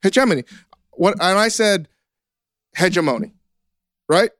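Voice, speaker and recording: A man's voice: sits high, expressive, a little fast, a bit bright, clean tone, dry recording, clean studio sound. A man whose first language was Korean, hosting a podcast, talking in a sheepish, self-deprecating casual way. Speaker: podcast host. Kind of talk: casual chat.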